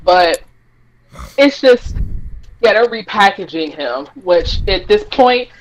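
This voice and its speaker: A woman co-hosting a podcast in casual, profane chat, jumping into quick mimicked voices as she rants. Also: medium pitch, slight background noise, poor audio. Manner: profane, animated, mimics voices mid-rant. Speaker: podcast co-host.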